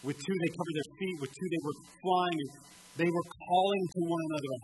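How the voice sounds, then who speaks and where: Emphatic pastor preaching over music. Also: male voice, on the high side, steady tone, a little fast, a little mellow, low-quality recording. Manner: emphatic, conversational with light asides and restarts. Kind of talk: sermon. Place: small-town church sanctuary.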